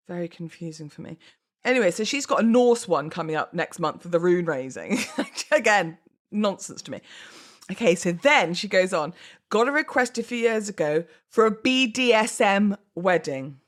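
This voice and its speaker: Chatty oversharing woman podcast host. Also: fairly low pitch. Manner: chatty, oversharing, laughs often, self-deprecating asides. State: pregnant, baby kicking. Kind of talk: casual solo podcast chat.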